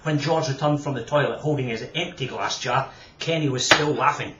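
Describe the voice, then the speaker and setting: A man reading his own children's book aloud, lively and expressive. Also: medium pitch, fairly quick, very noisy. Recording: echoey room, distant dull mic.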